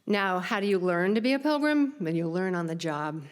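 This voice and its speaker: A middle-aged woman telling a lively, self-mocking personal story on stage, laughing at herself as she goes. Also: lowish voice, normal speed. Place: theater stage. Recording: stage talk with long hall reverb.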